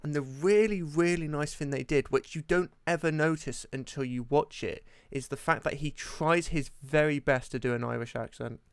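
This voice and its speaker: A man with a gravelly yet smooth, resonant voice, talking in a relaxed podcast conversation. He hesitates often and fills the gaps with ums. The sound is dry and close. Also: on the high side, dry recording. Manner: hesitant, halting with many ums. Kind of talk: casual chat.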